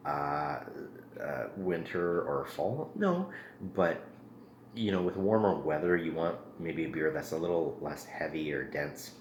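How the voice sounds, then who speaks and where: A man whose voice is very deep reviews a beer expressively in a loose, vlog-like way, dropping ums and uhs into his pauses. Behind him there's a soft hum of ambient noise in an echoey room.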